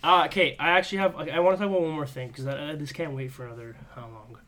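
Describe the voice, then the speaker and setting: Fast-talking young man joking around. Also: a little high, fairly even intonation, a bit bright, slight background noise. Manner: joking, teasing, laughs often. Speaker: podcast co-host. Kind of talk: casual chat.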